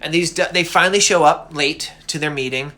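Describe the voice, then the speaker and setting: Middle-aged guy retelling myths all goofy and chatty, bright voice. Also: fairly high pitch, fairly quick. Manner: chatty, goofy, lots of fillers. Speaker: cartoonist hosting a myth show. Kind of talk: casual storytelling.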